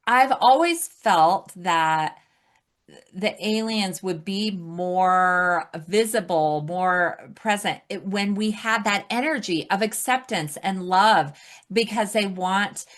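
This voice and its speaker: Woman on a podcast, talks slow, mid pitch, laughs easily. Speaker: podcast guest. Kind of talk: casual conversation.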